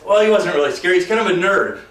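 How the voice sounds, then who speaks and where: A man's voice: high voice, expressive, fast, fairly bright tone. A man reviewing a movie in a rambling, jokey, sarcastic way, drifting into asides and mocking the characters. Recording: roomy echo, mic far off.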